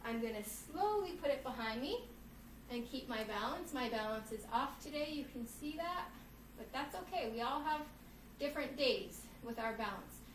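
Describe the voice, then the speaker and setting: A woman who teaches children's yoga, reading a storybook aloud and guiding kids through poses in a lively, playful way. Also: high-pitched, moderate pace, distant mic, a little hiss or hum. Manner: animated, playful, addresses children as friends. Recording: echoey room, voice off-mic.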